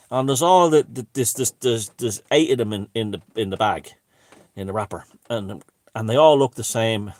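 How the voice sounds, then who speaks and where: A man's voice: fairly low pitch, dry recording, studio quality. A man telling a casual story in a rambling way, with many restarts and asides and a wry, self-mocking streak. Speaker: channel host.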